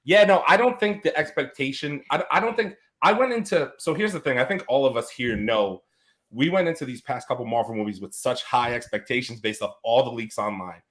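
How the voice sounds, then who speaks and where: Lively, bright-voiced male podcast host. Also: medium pitch, a little fast. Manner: animated, laughs often, lively storytelling. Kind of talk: casual podcast chat.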